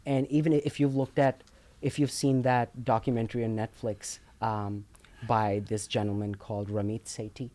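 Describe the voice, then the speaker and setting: A man's voice: medium pitch, little pitch movement, normal speed, dark tone. A man co-hosting a casual talk show, explaining finances emphatically, repeating words and checking in with "okay?" a lot.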